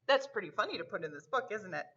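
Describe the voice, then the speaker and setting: A woman's voice: mid-range voice, lively intonation, breathy edge, muffled recording. A woman librarian reading a picture book aloud and leading a storytime for children. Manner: warm, slow, sing-song delivery for kids.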